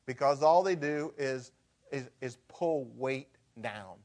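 A man preaching a sermon as pastor, shifting from hushed and conversational to loud and emphatic. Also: mid-range voice, animated, takes it slowly.

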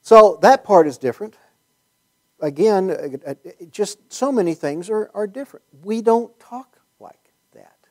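A man's voice: sits high, animated, measured pace, a little mellow. A man giving a conversational Bible teaching talk, rambling with many fillers and restarts and wry asides. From United States.

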